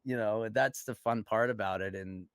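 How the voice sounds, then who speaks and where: A man's voice: on the low side, normal speed, smooth, dry recording, studio quality. A middle-aged man, a voice actor, chatting playfully in an interview, laughing often and slipping into goofy voices for quotes. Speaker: guest voice actor. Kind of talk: casual interview chat.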